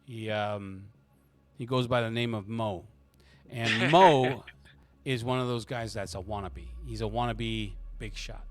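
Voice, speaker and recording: A man's voice: lowish voice, fairly even intonation, a little slow. A man narrating as game master of a tabletop game, rambling with frequent restarts.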